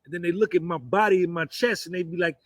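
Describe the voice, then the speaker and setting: A man's voice: high voice, fast, no room sound. A man in his fifties with a New Jersey accent, delivering a boastful, rambling monologue full of "man" and "you understand". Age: 50s.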